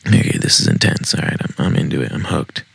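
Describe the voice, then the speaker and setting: Reading Reddit stories in a basement at home, this man has a deep, very gravelly, husky voice with huge pitch swings, a quick pace and a fairly bright tone. He talks casually and throws in wry, sweary asides between passages, captured in a dry, close recording.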